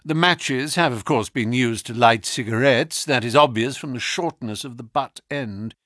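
A man voicing Sherlock Holmes, a keen and sharp-minded detective who speaks in a measured, probing and lecturing way, in an audiobook reading. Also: mid-range voice, no room sound, clean studio sound, lightly acted.

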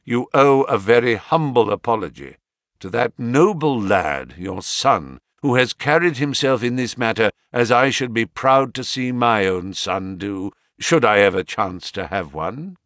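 Male reader as a self-assured detective, measured, authoritative delivery, lively intonation, dry studio. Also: medium pitch, no room sound. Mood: composed. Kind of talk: audiobook character reading.

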